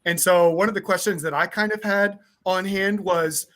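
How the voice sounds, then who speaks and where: A man from Southern Illinois hosts an interview over a video call with a bright, forceful voice. He asks long, rambling, thought-out questions. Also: high-pitched, steady tone, normal speed. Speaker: host.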